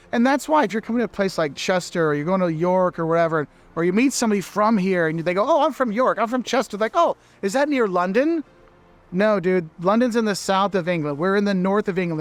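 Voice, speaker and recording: High-voiced man giving chatty advice. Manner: chatty and emphatic. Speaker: vlogger living in England. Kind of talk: casual advice vlog.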